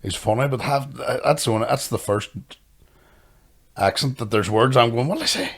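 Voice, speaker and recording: A Northern Irish man trades quick, crude jokes as a podcast co-host. His talk is loose and casual, full of swearing and laughter. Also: medium pitch, creaky. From Northern Ireland. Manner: sweary, fast, joking banter. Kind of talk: casual chat.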